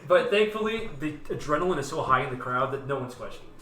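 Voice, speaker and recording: A man narrating as game master of a tabletop game, talking casually with many fillers and lively asides. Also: medium pitch, fast talker, reverberant, distant mic. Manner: animated, lots of "like" fillers, jumps into character voices.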